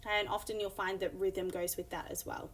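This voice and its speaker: Woman teacher, mid-pitched, explanatory, filler-heavy lesson delivery. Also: little pitch movement, fairly quick, fairly bright tone, a little hiss or hum. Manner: explanatory, many fillers, reads examples aloud. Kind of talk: recorded classroom lesson.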